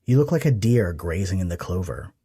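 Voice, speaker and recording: A man voicing a gently joking adult man, a doting father, in an audiobook romance. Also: low-pitched, sing-song, fairly quick, slightly rough, heavily acted. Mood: teasing.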